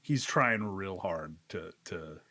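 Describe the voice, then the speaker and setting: A man's voice: low-pitched, expressive, slow pace, sharp tone, no echo. A man co-hosting a casual podcast, teasing and wry while chatting about sports. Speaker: podcast co-host. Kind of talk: casual chat.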